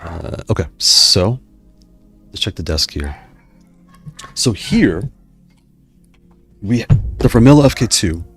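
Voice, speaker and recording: A man's voice: lowish voice, sing-song, slow pace, pauses often, fairly bright tone, husky, faint music behind. A man hosting a live stream, chatting casually with viewers in a rambling way, often stopping himself mid-sentence. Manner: rambling, self-interrupting, digressive. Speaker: YouTube host reading live chat.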